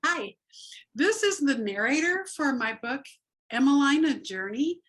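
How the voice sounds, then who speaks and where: A woman's voice: high voice, expressive, unhurried, a bit bright, a little hiss or hum, low-quality recording. A woman author hosting a casual interview, friendly and encouraging toward her guest. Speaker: author, host.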